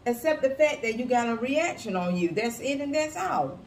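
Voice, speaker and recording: A woman talks through a casual reaction video in a blunt, sassy, profane way. Her fairly high voice swings up and down a lot. The room is echoey, with a faint hiss underneath. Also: expressive, normal speed, far from the mic. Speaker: YouTube reaction commentator.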